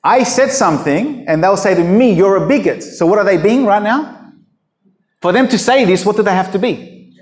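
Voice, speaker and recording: A man preaching in a blunt, emphatic manner, pressing his points with rhetorical questions. His voice sits a little high for a man. The recording carries a roomy echo. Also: normal speed, darkish tone. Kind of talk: unscripted preaching talk.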